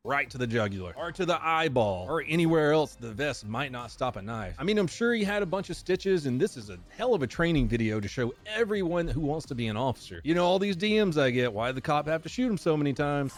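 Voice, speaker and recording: A man with a fairly high voice narrates commentary at a quick clip. His pitch swings up and down a lot, and his delivery is punchy and wry, dotted with cursing asides. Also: big pitch swings. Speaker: narrator of police videos.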